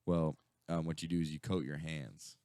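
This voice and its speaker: This radio co-host has a dark bass voice, a steady tone and a moderate pace. In a casual on-air chat, he tells rambling, profane stories full of fillers and restarts. The recording is dry, clean and studio quality.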